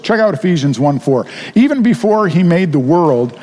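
A pastor preaching a sermon in an earnest, conversational way, asking rhetorical questions of the congregation. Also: male voice, on the high side, animated, moderate pace, few pauses, warm tone, big-room sound.

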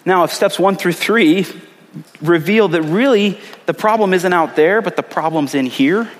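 A man's voice: high voice, normal speed, in a large hall. A man preaching a sermon in an earnest, conversational way, repeating short phrases for emphasis. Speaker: pastor.

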